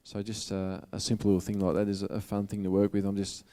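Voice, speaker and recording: A man's voice: lowish voice, completely flat delivery, quick pace, dark tone. A man with an Australian accent giving a motivational talk to an audience, in a casual, earnest, conversational way. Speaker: motivational speaker.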